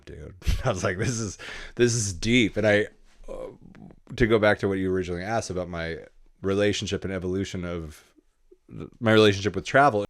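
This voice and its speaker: A man telling travel stories in a relaxed, casual way in a podcast interview, often swearing and acting out what people said. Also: low-pitched. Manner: laid-back, swearing, acts out dialogue. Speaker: guest photographer.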